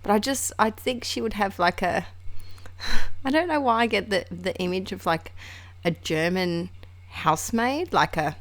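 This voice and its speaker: A scrapbooking crafter narrates her work in a casual craft vlog, chatty and rambling, with laughs and asides. Her voice is medium-pitched with lively intonation and a moderate pace.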